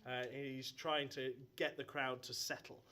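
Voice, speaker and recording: A man's voice: mid-range voice, level tone, measured pace, sharp tone. A man narrating as game master of a live tabletop game, hesitant, with many ums and uhs. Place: stage in front of a live audience.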